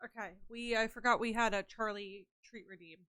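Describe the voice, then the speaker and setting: A woman's voice: medium pitch, fairly even intonation, moderate pace, fairly bright tone, no echo. A woman live-streaming a game from her home setup, chatting casually with her viewers in a playful, joking way.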